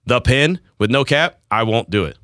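A man's voice: medium pitch, lively intonation, normal speed, pushed and bright, no room sound, clean studio sound. A man hosting a radio show, telling a rambling story in casual banter and laughing at himself.

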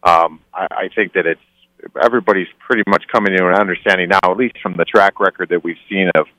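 A man's voice: low-pitched, fairly even intonation, fast talker, bright, forceful tone, no echo, rough recording. A man from Cleveland, a former hockey player telling stories in casual talk, rambling with lots of restarts. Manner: rambling, many restarts and fillers. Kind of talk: casual storytelling.

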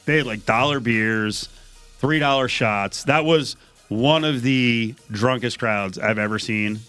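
A man hosting a radio show, chatting in a lively, excitable way. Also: mid-range voice, a little slow, clean tone, soft background music. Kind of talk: casual chat.

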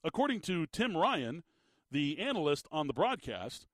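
A man hosting sports talk radio, animated and emphatic, often repeating his words as he gets worked up. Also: a little high, measured pace, no room sound. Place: radio studio. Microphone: studio microphone.

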